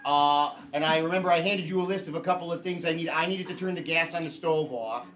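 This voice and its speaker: A man performing an improvised comedy scene who rambles with lots of fillers and then fires off quick questions. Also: a little high, a little hiss or hum. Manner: rambling, filler-heavy, turns to rapid-fire questioning. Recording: live stage, mic far off, loud audience.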